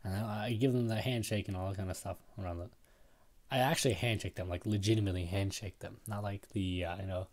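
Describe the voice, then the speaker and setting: A man's voice: fairly low pitch, steady tone, fast, darkish tone. A young man hosting a casual solo podcast, telling a rambling, self-deprecating story and tagging his sentences with "right?". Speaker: podcast host.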